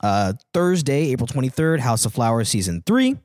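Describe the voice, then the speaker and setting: A man's voice: medium pitch, sing-song, normal speed, a little mellow, dry recording, studio quality. A man hosting a casual podcast, reading out a list with many "uh" fillers and restarts. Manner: rambling, full of "uh" fillers. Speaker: podcast host. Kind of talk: casual chat, reading out listings.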